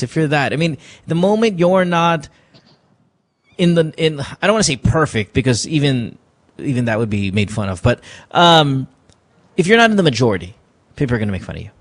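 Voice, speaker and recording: A man hosting a radio call-in show, talking loosely with laughter and profanity. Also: medium pitch. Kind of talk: casual late-night call-in talk. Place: radio studio.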